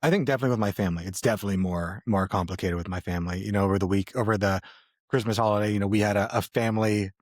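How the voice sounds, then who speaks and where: A man's voice: on the low side, rapid-fire, no room sound, studio quality. A man co-hosting a podcast, speaking candidly and reflectively in casual chat. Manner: reflective, candid, with fillers and restarts. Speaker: podcast co-host.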